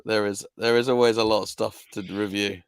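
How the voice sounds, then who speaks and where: A man's voice: fairly low pitch, fairly even intonation, a little fast, clean tone, no echo. A man co-hosting a casual live-stream chat, jokey and teasing. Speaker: co-host. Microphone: video call.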